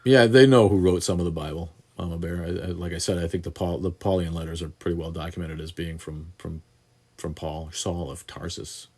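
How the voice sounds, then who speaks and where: Low-voiced man in his sixties, rambling and profane. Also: fairly even intonation, brisk, a little mellow, breathy edge. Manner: rambling and profane, many restarts and fillers. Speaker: host answering viewer questions. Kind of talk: casual live-stream Q&A. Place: home studio in southeast Wisconsin.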